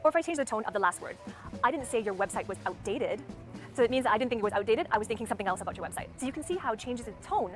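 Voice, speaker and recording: Brisk woman giving speaking tips. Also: on the high side, lively intonation, faint music behind. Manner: brisk, clearly enunciated teaching delivery. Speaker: speaking coach. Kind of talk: instructional talk to camera.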